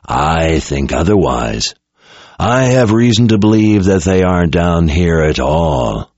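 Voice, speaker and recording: A man doing a deep, gravelly, menacing emperor. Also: very animated, a little mellow, no echo, exaggerated voice. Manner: slow, threatening, enraged at times. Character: menacing male emperor speaking through a possessed young soldier. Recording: dull lo-fi recording.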